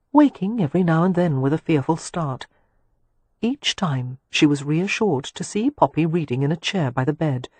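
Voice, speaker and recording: A woman narrating a romance audiobook in a calm, measured reading. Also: deep voice, breathy edge, dry recording. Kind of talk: scripted narration.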